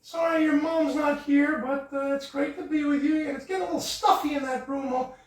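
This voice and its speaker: A man voicing a sociable male frog puppet in a high, chatty, eager-to-please voice. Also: fairly even intonation, fairly quick. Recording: echoey room, voice far from mic.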